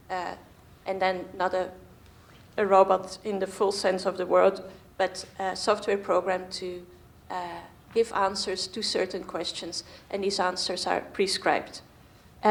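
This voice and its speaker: A woman moderates a conference in a theatre hall. She talks thoughtfully and hesitantly, pausing on fillers. Her voice is mid-pitched with a gravelly fry. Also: level tone. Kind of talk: talk at a conference.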